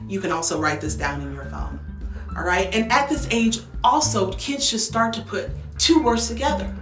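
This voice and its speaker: A woman's voice: on the high side, moderate pace, fairly bright tone, echoey room, faint music behind. A woman who is a speech language pathologist, giving upbeat, coaching advice to parents and demonstrating with exaggerated tones. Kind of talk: instructional talk to parents.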